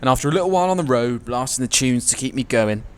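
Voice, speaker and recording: A young man narrating his own motorbike trip in a casual travel vlog, cheeky and self-mocking, with bursts of excitement. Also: mid-range voice, fast talker, background noise. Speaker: travel vlogger.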